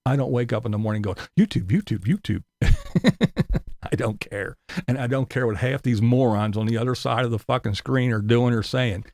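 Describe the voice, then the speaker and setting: A YouTuber rants angrily at his viewers in a vlog, cursing heavily and mocking his critics with squeaky, high-pitched impressions. His voice is a little mellow and moves at a normal speed, with no room sound.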